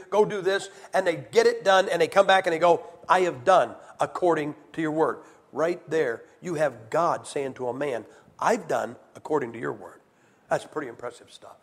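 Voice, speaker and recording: A man preaching a sermon, emphatic, dropping low and then rising to shouts as he acts out quoted voices. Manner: emphatic, shifts from hushed to shouted.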